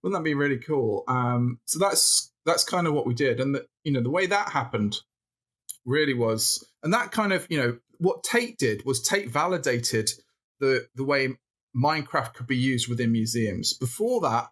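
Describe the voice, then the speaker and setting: A podcast guest from northern England tells a rambling, animated story in casual chat, restarting and laughing along the way. His pitch is medium and his speed normal.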